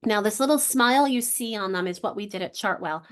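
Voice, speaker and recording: A woman with a mid-range, fairly bright voice runs an online literacy session for teachers at a brisk pace through a computer mic. She's conversational, often restarting sentences, and demonstrates vowels by sounding them out.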